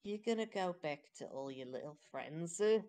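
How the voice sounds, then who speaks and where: Woman doing a low menacing male brute. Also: expressive. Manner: low, slow, quietly threatening.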